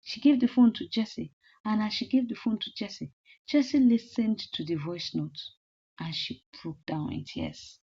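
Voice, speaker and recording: A woman's voice: medium pitch, lively intonation, measured pace, mellow, breathy edge. A woman casually retelling a movie plot step by step, with lots of "then she was like". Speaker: movie recap storyteller. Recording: slightly muffled lo-fi audio.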